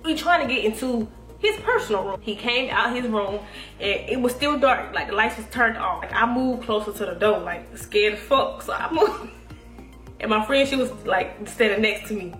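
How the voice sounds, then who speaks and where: A young woman telling a profane, animated story to her viewers, quoting herself and her friends as she goes. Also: a little high, normal speed. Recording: echoey room with faint music.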